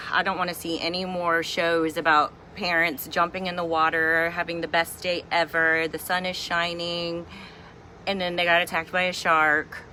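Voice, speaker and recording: A woman's voice: lowish voice, little pitch movement, measured pace, bright, forceful tone, a little hiss or hum. A middle-aged woman and mother from Virginia, ranting in a chatty, exasperated, humorous way in a casual vlog at home. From Virginia, USA. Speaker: vlogger and mother.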